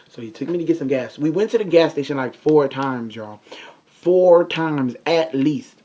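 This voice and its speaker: A young man chatting through a storytime vlog at a middling pitch, animated and talking straight to his viewers. The audio is muffled and lo-fi, like a basic home setup. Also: a little slow. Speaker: vlogger.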